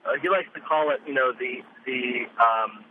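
A man hosting a radio quiz show, chatting casually and animatedly about a trip. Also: moderate pace. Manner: lively and animated, jumping up in pitch. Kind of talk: casual radio interview chat. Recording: tinny phone line with faint noise.

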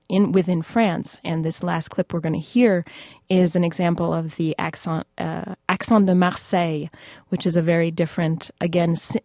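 A woman speaks as an expert guest in a radio interview, talking about the subject enthusiastically. Her voice is on the low side and often restarts mid-phrase. The studio sound is dry and close. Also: dark tone, no echo. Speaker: French language expert guest.

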